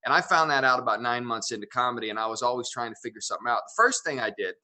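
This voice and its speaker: A man's voice: medium pitch, rapid-fire, sharp tone. A man in his thirties from Wyoming, a comedian guest telling stories in a wordy, playful way. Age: 30s. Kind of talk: casual interview chat.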